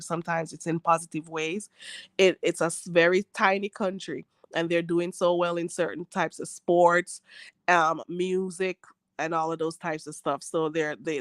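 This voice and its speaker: A woman's voice: on the low side, no echo. A Jamaican woman hosting a livestream, chatting casually and reading viewer comments, laughing often and repeating phrases for emphasis. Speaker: livestream host.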